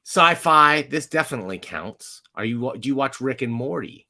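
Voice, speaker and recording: A man in his thirties co-hosting a podcast, chatting with enthusiasm and pausing on fillers as he searches for words. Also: mid-range voice, vocal fry. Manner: enthusiastic, animated, hesitant fillers. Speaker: podcast co-host. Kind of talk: casual chat.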